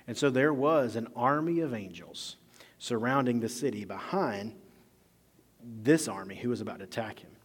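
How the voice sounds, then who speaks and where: A man delivers a sermon in an easy, chatty manner, often slipping into casual slang to act out the scene. His voice sits at an ordinary middle pitch. The sound carries the long reverb of a big hall. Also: expressive, normal speed, husky. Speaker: pastor.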